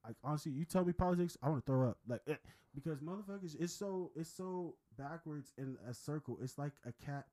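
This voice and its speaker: A man talking fast and heatedly in a casual podcast chat, swearing and repeating himself. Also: fairly high pitch, dark tone, low-quality recording. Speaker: podcast co-host.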